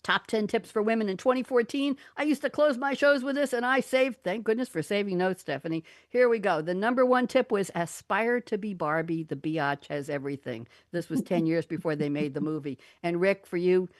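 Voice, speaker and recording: A woman's voice: medium pitch, fairly quick, few pauses, dry recording. A woman hosting a live online talk show into a studio mic, playful and laughing, with theatrical readings. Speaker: radio talk show host. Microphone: studio condenser mic.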